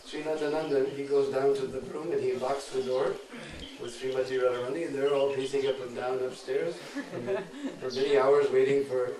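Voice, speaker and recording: Lively guy telling devotional stories to a pilgrim crowd, echoey and far from the mic. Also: mid-range voice, moderate pace. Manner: animated, laughing, teasing asides. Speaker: pilgrimage guide and storyteller. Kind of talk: devotional storytelling sermon. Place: outdoor pilgrimage group. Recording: distant echoey recording with crowd.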